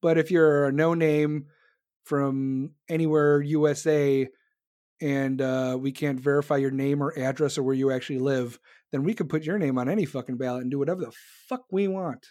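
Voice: medium pitch, steady tone, normal speed, a little mellow. An American host ranting about politics to viewers, blunt and sarcastic, with heavy swearing. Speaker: online show host. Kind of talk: profane political rant to viewers.

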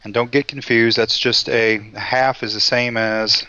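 A man hosts a casual cooking show in a medium-pitched, smooth voice that's bright and forceful, with flat delivery at a measured pace. He jokes in a folksy way and talks through each step, and the sound is dull, lo-fi, and dry.

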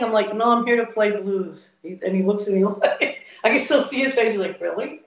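A woman's voice: medium pitch, a little fast, hardly any pauses, a bit bright. A woman blues guitarist telling stories in an interview, acting out the people she quotes. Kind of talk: casual storytelling interview. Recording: roomy, dull lo-fi sound.

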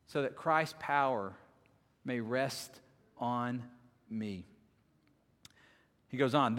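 A man, a lead minister, preaching a sermon earnestly, swinging between loud emphasis and quiet, soft-spoken moments. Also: mid-range voice, expressive, slow, long pauses. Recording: long hall reverb.

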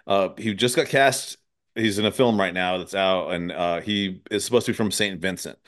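Male podcast host, deeper voice, casual and profane, easy laugh. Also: moderate pace, fairly bright tone. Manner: loose and profane, laughs often. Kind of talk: casual conversation.

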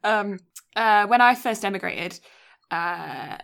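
A woman's voice: mid-range voice, animated, moderate pace, a bit bright. Playful woman with a mixed English accent. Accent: English, mixed with North American. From England. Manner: laughs often, playful teasing. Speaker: podcast co-host. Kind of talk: casual chat.

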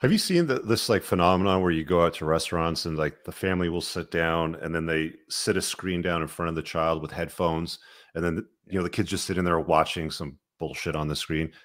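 A man's voice: low voice, fairly quick, fairly bright tone. A man hosting a podcast, asking his guest questions in a casual, conversational way. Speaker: podcast host.

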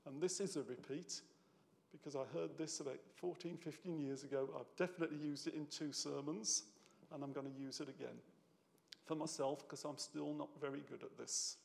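Male preacher, conversational sermon, gravelly voice, long church reverb. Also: fairly high pitch, steady tone, fairly quick, darkish tone. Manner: conversational, tag questions, gets emotional. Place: church hall.

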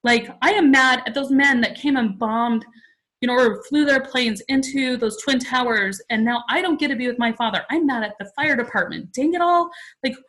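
A woman's voice: on the high side, moderate pace, fairly bright tone, poor audio. A woman in her forties, a podcast guest, telling a personal story in a chatty, emotional way with many "like" fillers. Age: 40s.

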